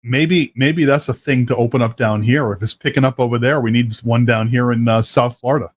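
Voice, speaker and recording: A man's voice: mid-range voice, steady tone, brisk. A man hosting a live talk show, who chats casually, jokes and laughs often, and talks in loose restarts. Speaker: host. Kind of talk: casual chat. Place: South Florida.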